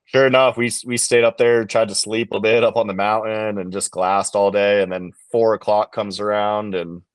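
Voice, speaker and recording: Low-voiced man telling a story casually. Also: normal speed, clear, resonant tone, no room sound. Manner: relaxed, rambling, many fillers. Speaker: podcast guest, bowhunter.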